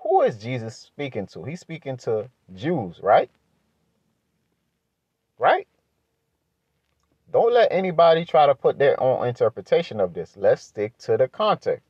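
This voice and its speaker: Man preaching bible verses, slow and lively, voice jumps way up on points, dry muffled sound. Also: slightly rough, dry recording. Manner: emphatic, rises sharply in pitch when pressing a point; asks rhetorical questions, adds "right?". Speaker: Bible teacher.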